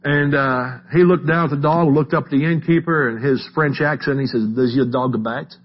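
Folksy, husky-voiced man preaching. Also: fairly high pitch. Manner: folksy, halting, with many restarts and asides. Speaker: lay preacher. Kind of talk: informal church sermon. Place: church sanctuary. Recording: muffled, lo-fi church recording.

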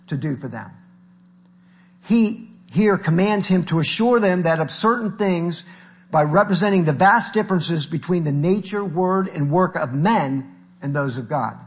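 A man preaching a sermon in an earnest manner, now and then stopping to correct himself. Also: on the high side.

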